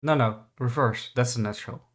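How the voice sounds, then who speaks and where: A man chatting casually on a stream, halting and restarting often, searching for words. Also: mid-range voice. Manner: halting, many restarts and fillers. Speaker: podcast co-host.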